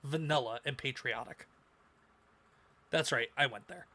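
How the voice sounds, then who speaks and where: A man co-hosting a casual livestream podcast, animated and repeating phrases for emphasis. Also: medium pitch, unhurried. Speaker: podcast co-host.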